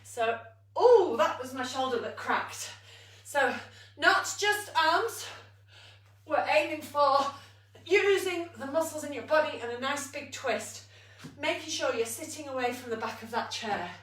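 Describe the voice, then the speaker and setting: Woman fitness coach, high bright voice, slow and out of breath, roomy echo from a distance. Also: lively intonation. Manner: upbeat coaching, counting down, laughing at herself. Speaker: fitness instructor. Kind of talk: live online exercise class.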